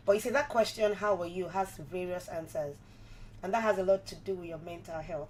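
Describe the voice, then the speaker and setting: A woman's voice: fairly low pitch, slight background noise, poor audio. A woman hosting a live radio show on mental health, chatting to listeners and asking them repeated questions. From Nigeria. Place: radio studio.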